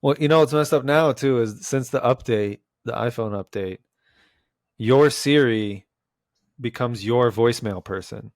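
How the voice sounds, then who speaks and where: A man's voice: mid-range voice, a little slow, no room sound, studio quality. A young man co-hosting a casual podcast, joking and laughing often. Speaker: podcast co-host. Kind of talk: casual chat.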